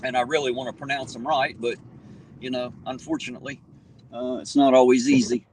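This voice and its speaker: A man's voice: mid-range voice, little pitch movement, brisk. A man with an Appalachian accent chatting casually on a live stream from his vehicle at night, greeting viewers by name in a folksy, talkative way. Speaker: livestream host. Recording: distant mic with loud road noise.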